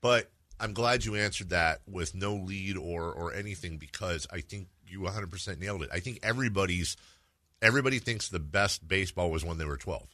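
Joking low-voiced male sports radio host. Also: bright, forceful tone, no room sound. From San Francisco Bay Area. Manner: joking, quick to laugh, interrupts. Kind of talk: casual sports talk.

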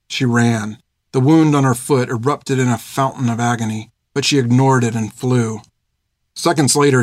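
Male audiobook narrator, mid-pitched, steady and measured, close dry studio sound. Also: no room sound. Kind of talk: scripted narration.

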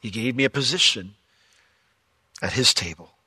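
A man preaching a sermon as pastor, telling the story with jokes and lively asides. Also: mid-range voice, moderate pace, slightly rough, dry recording. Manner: animated, joking storyteller.

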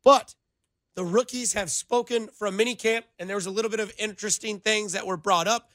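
A young man hosting a sports radio show in a studio, talking in an animated, rambling way full of playful comparisons. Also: sits high, a little fast, no room sound. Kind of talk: casual sports radio banter.

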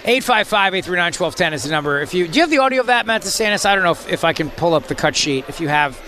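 Bright high-voiced sarcastic radio host. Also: male voice, animated, very fast. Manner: sarcastic, rambling, mocking. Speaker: radio talk show host. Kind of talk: talk radio commentary.

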